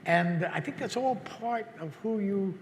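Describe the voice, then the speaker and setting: An older man speaking as an interview guest, reflective and halting, often repeating words as he searches for his thought. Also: high voice, big-room sound, a little hiss or hum. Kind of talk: reflective conversation.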